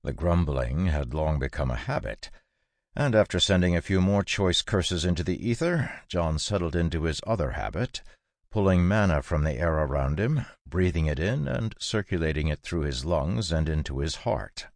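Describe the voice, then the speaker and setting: A man narrating a fantasy audiobook in a measured, steady storytelling manner, recorded in a studio booth. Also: low-pitched, no room sound.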